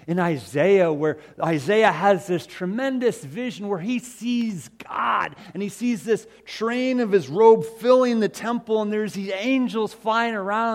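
A man preaching as he retells a gospel story in the first person, moving from excited calling out to hushed, slow confession. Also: high-pitched.

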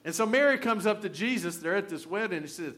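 A middle-aged man, preaching a sermon in a folksy, animated storytelling way with humor. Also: sits high, fast talker. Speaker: pastor.

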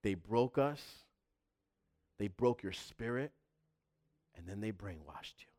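A man's voice: fairly low pitch, expressive, slow pace, a little mellow. A man preaching a sermon in a fervent, emphatic style, driving points home through repetition.

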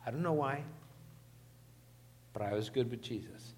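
A man's voice: medium pitch, moderate pace, darkish tone, slight background noise. Man preaching in a reverberant hall. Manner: emphatic, asks the congregation questions. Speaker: pastor. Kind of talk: sermon.

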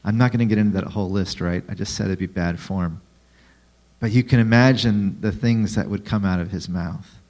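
A man's voice: lowish voice, a little fast, a little mellow. A man preaching a sermon in a conversational way, asking the listeners questions. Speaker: pastor.

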